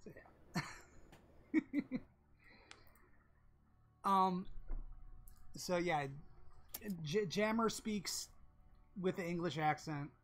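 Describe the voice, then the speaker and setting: A woman narrating a tabletop game as game master, halting and full of restarts. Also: fairly low pitch.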